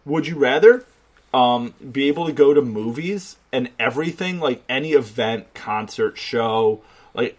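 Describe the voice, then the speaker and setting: A man co-hosting a podcast in casual chat, rambling and leaning heavily on filler words. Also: mid-range voice. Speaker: podcast co-host.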